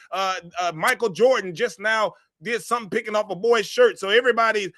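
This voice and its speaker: Earnest high-voiced male discussion host. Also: fairly quick, few pauses, sharp tone, no echo, clean studio sound. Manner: earnest, repeats words when thinking. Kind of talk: reflective discussion.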